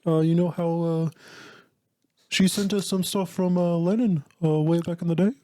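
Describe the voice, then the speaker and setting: A man's voice: fairly high pitch, fairly even intonation, normal speed, warm tone, lightly acted. A man putting on an impression of a middle-aged rock musician, rambling with lots of hesitations. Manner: hesitant, filler-heavy rambling.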